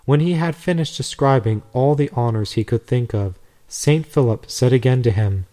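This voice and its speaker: Male narrator, mellow tone, measured storybook reading. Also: medium pitch. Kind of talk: reading a devotional story aloud.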